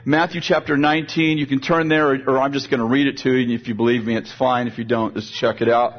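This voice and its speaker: In a conversational sermon full of stories, an older preacher repeats words as he builds toward his point. He talks fast at a medium pitch with a flat delivery, and the recording sounds dull and lo-fi.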